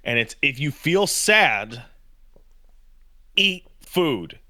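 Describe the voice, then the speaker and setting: A man co-hosting a podcast, casually telling animated stories and throwing joking insults. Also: on the high side, drawn-out words, no room sound, clean studio sound. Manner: animated storytelling, jokey insults. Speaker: podcast co-host. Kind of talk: casual chat.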